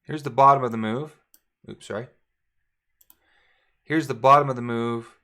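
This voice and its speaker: In a casual walkthrough of charts, a forex trading coach addresses his viewers directly in a relaxed coaching tone, thinking aloud and revising sentences as he goes. His voice is middle-pitched, at a normal speed.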